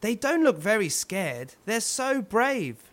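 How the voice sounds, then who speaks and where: Male storyteller for kids, chatty and animated, slow pace. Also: high-pitched. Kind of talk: children's story narration.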